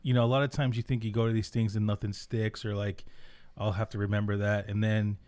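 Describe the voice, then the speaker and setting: A man's voice: lowish voice, little pitch movement, fairly quick, a little mellow, clean tone. A man hosting a casual podcast chat, upbeat and slangy, laughing often. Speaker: podcast host.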